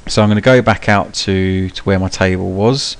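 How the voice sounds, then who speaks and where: With a low-pitched, smooth voice and moderate pace, a young man hosting a gaming channel narrates a gameplay tutorial live. He's casual and rambling, saying um often and swearing cheekily.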